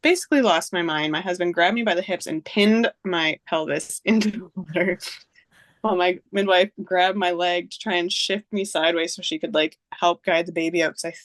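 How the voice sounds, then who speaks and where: This is a woman in her thirties talking as a podcast guest. Her voice sits on the low side and sounds dry and close, with no room around it. She tells her story casually, full of fillers, and acts out what people said. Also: fairly quick, no room sound. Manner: storytelling, reenacting dialogue, many fillers.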